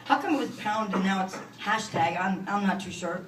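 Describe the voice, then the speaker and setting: A woman in her forties from Canada doing a stand-up comedy set in a club, delivering self-mocking punchlines in a deadpan way. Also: mid-range voice, normal speed, noisy background. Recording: echoey club from far off.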